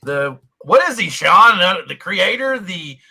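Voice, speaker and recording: A man's voice: sits high, very animated, measured pace, gravelly, bright, forceful tone, husky. A man hosting a casual panel chat over a video call, rambling and laughing often. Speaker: host.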